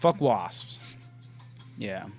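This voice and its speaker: A young man co-hosting a podcast, casually chatting, laughing often and swearing as he tells animated stories. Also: on the low side, extremely slow, soft background music. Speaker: podcast co-host. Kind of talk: casual chat.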